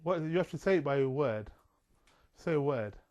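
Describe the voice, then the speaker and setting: A man's voice: a little high, animated, normal speed, a little mellow, lo-fi sound. A man talking in a rambling, casual monologue, full of fillers and digressions. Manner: chatty, digressive, many fillers.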